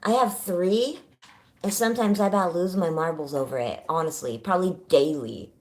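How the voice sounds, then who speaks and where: A middle-aged Californian woman hosts a casual home livestream, speaking at a normal speed in a lowish voice. She's bubbly and chatty, greeting viewers by name and laughing often.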